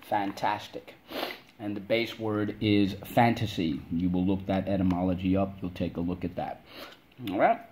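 A man's voice: low-pitched, steady tone, normal speed, a little mellow, slight background noise. A man teaching a spelling lesson to kids, drilling words in call-and-response and stretching them out syllable by syllable.

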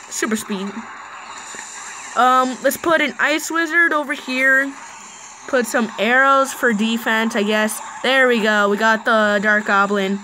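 A woman giving chatty, live play-by-play commentary on her own mobile game match, with excited bursts. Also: fairly high pitch, slight background noise, low-quality recording. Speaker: gaming channel host.

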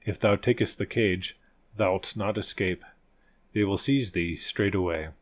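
A man voicing an old grey wolf, a gruff but kindly talking beast in a storybook, who speaks in solemn archaic phrases. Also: deep voice, a little slow. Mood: commanding.

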